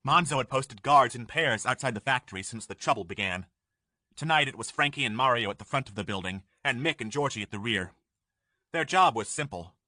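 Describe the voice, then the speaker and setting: A man narrating an audiobook in measured storytelling, recorded on a studio microphone. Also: mid-range voice, animated, bright, forceful tone, dry recording. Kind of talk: scripted narration.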